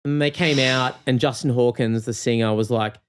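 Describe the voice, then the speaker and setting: A man's voice: mid-range voice, steady tone, moderate pace, slight background noise. Male comic guest, understated and easygoing storyteller. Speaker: comedian guest. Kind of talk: casual chat, anecdote.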